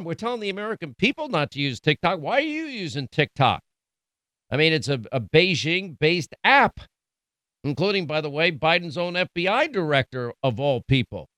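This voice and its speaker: Male talk host, middle-aged, indignant and emphatic; slightly high voice, dry studio sound. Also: a bit bright, dry recording. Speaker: radio talk show host. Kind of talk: political commentary.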